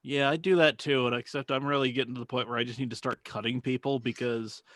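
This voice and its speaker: A man's voice: medium pitch, steady tone, fast, a bit bright, no room sound. A man co-hosting a car podcast in casual chat, laid-back and profane, often trailing off and restarting. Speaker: podcast co-host. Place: home basement.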